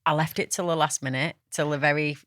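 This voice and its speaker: A woman's voice: deep voice, quick pace, no room sound. A woman co-hosting a podcast, telling stories in casual chat and acting out conversations, recorded in a studio. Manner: animated storytelling, acts out conversations. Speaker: podcast co-host.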